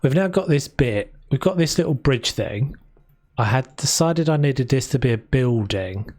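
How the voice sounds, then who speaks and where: A man's voice: medium pitch, lively intonation, normal speed, darkish tone, dry recording. A man from South London with a London accent, chatting casually and rambling on a live stream while he builds in a game. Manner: chatty and rambling, with frequent restarts.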